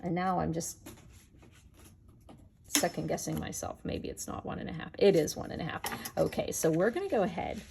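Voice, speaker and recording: Chatty woman with a gravelly low voice. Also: moderate pace, long pauses, background noise. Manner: chatty, talks to viewers while working. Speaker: card-making demonstrator. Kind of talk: casual crafting tutorial.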